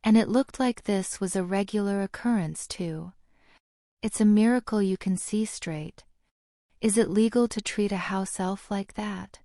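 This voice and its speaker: A caring, brisk mother, read by a woman. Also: medium pitch, mellow, no echo, studio quality, close to an everyday voice. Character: kind, practical mother, adult woman. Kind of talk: audiobook character reading.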